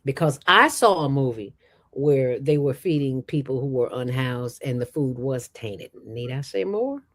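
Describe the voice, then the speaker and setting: Low woman, emphatic and animated, swings between loud and soft. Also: measured pace. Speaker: nonprofit founder, guest. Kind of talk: animated storytelling interview.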